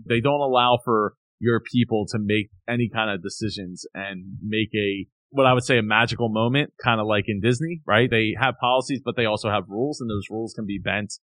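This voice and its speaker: A man's voice: fairly low pitch, a bit bright, no room sound. A man co-hosting a casual talk show, ranting animatedly about a company's return policy and mock-quoting its staff. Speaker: podcast co-host. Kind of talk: casual chat, telling a complaint story.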